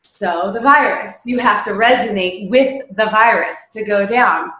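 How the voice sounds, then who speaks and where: Animated woman teaching meditation, echoey room. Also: medium pitch, unhurried. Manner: animated and emphatic, with many rhetorical questions. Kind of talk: casual spoken talk before a guided meditation.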